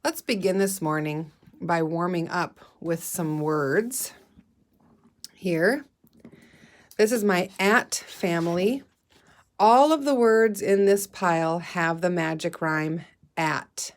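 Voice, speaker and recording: A woman teacher leading a phonics lesson, slowly sounding out word parts and encouraging her young listeners. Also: on the low side. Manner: encouraging, calls listeners "friends". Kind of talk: guided reading phonics lesson.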